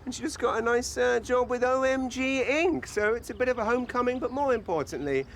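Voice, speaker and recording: An actor playing a polite, jokey ex-comedian from London, with a London English accent. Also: male voice, very high-pitched, brisk, a little hiss or hum. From England. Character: charming British man, a retired comedian. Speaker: comedian turned house husband.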